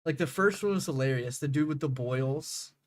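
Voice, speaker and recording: A man's voice: a little high, normal speed. A young man streaming a game, chatting casually with viewers, rambling and laughing, swearing freely.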